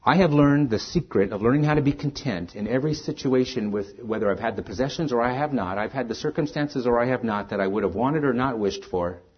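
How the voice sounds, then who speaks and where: Husky-voiced man preaching a sermon. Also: medium pitch, fairly quick, hardly any pauses. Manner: earnest, rising to emphatic stresses then dropping soft. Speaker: pastor. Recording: dull lo-fi sermon recording.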